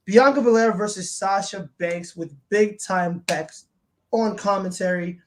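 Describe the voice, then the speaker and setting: A woman's voice: medium pitch, a little slow, a little hiss or hum. A woman co-hosting a wrestling review show, chatting casually and acting out quotes as she retells scenes. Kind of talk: casual chat.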